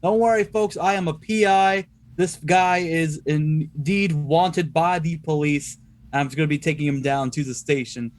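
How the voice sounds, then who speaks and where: A man's voice: on the high side, a little slow, lightly acted. Man as fake detective, bluffing, commanding, raised voice, tabletop game. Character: gruff man posing as a police detective.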